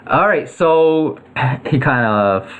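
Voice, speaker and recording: A man's voice: mid-range voice, animated, very slow, fairly bright tone, highs cut off, a little hiss or hum. A man narrating a tabletop game as game master, loosely, with many fillers.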